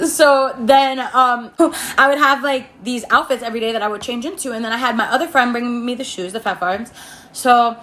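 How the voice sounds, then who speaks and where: A woman's voice: on the high side, pushed and bright. A young woman telling a casual story on her phone camera, rambling, laughing, and saying "like" a lot. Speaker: storytime vlogger. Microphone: iPhone.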